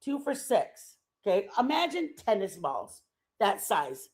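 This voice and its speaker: A woman's voice: medium pitch, unhurried. Chatty woman telling a story. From Texas. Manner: animated, chatty, laughs often. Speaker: stream host. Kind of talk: casual storytelling chat.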